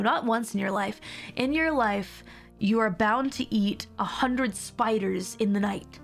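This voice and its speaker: Chatty woman streamer with a gravelly edge. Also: fairly high pitch. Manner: rambling, chatty, laughs often. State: mild sore throat. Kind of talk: casual livestream chat.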